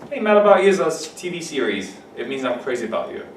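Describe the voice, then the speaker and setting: A male English teacher takes his class through vocabulary, giving example sentences and asking the students questions. He is picked up from across an echoey classroom, with a soft hum of room noise behind him. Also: fairly high pitch, very animated, quick pace. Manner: explains words with examples, asks students questions. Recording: echoey classroom mic from a distance.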